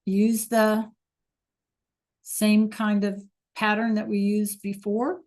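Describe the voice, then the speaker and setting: A woman's voice: medium pitch, flat delivery, slow pace, a little mellow. A woman teaching a beginner Spanish class, praising students by name and checking that they follow along. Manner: encouraging, repeats praise and checks understanding.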